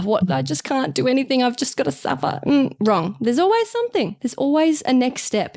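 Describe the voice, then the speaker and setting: A woman's voice: mid-range voice, dark tone, no room sound, studio quality. A woman co-hosting a casual podcast, jokey and teasing, often giggling. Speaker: podcast co-host.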